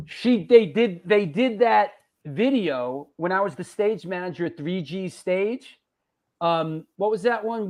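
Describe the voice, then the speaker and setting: Animated, profane New York host. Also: male voice, high-pitched, a little slow. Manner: animated, profane, joking shout-outs. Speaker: host of a live show. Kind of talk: casual live-stream chat reading viewer comments.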